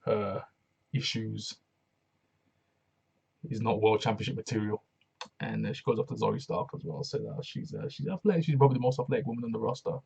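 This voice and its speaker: A man casually reviewing a wrestling show alone, slangy and excitable, often repeating himself. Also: lowish voice, brisk, gravelly, pauses often, slightly rough, highs cut off.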